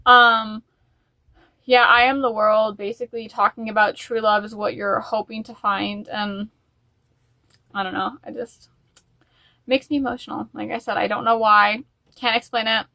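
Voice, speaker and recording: A woman's voice: fairly high pitch, level tone, moderate pace, gravelly, long pauses, bright, forceful tone, no echo. A woman chatting in a casual music vlog, rambling and openly emotional. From United States. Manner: chatty and rambling, with fillers and restarts. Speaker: music vlogger.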